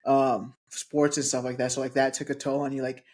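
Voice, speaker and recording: Host, mid-pitched, relaxed and blunt, swears casually. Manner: laid-back, swears freely, quick laughs. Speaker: podcast host. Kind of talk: casual chat.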